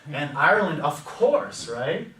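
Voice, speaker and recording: A man's voice: fairly high pitch, very animated, a little slow, pushed and bright, a little hiss or hum. A man with an American accent teaching a classroom lecture, chatty and stopping often to ask his students questions. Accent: General American. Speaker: language teacher. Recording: echoey classroom from far off.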